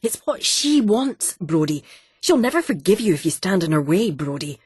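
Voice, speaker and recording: A calm, patient wife soothes her husband with soft, gentle teasing, as a woman narrator voices her. Her tone is husky and a little low, recorded dry and close. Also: moderate pace, dry recording. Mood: soothing.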